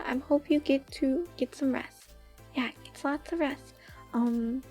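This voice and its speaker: A young woman streamer in soft-spoken casual chat with viewers, giggly and rambling, with lots of "like". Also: high voice. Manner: giggly, rambling, says "like" often.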